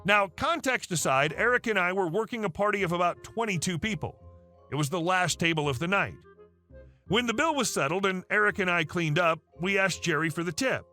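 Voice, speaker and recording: A man's voice: high-pitched, expressive, brisk, pushed and bright. A man narrating online stories in a casual, wry storytelling tone. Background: faint music.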